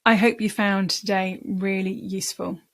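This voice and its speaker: A woman's voice: mid-range voice, level tone, moderate pace, a bit bright. A woman speaking coach giving a lesson, explaining in a conversational way and repeating words for emphasis. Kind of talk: talking-head coaching lesson.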